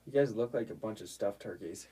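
A man's voice: lowish voice, fairly quick, dark tone, breathy edge, recorded from a distance. A man co-hosting a podcast, dropping dry teasing remarks in casual banter. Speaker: podcast co-host.

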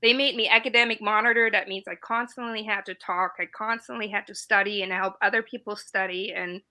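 Speaking briskly in a medium-pitched voice, an East German woman in her forties tells stories as a veteran guest on a casual live stream. She's animated and laughs often, though the audio is poor.

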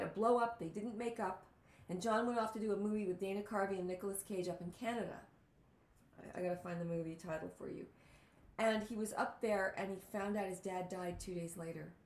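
A woman telling a story in a casual chat, animated, with quick asides and gushing reactions. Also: medium pitch. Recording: roomy echo.

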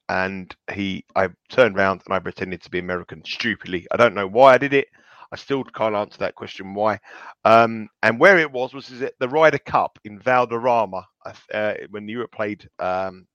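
On a betting podcast, a co-host who gives betting tips tells rambling, self-deprecating stories with many restarts in casual chat. His voice is on the low side with a fairly bright tone, and the dry recording sounds slightly dull and lo-fi.

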